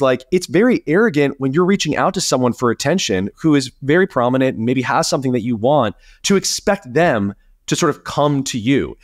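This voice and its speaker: A man co-hosting a podcast in casual chat, talking animatedly and swearing, his pitch jumping up when he gets indignant. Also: no echo, studio quality. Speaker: podcast co-host.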